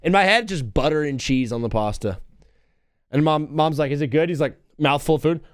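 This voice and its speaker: A young man hosting a live talk show, ranting in an excitable, self-mocking way and jumping between topics. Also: on the high side, a little fast, clean tone, no echo, studio quality. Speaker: radio show host.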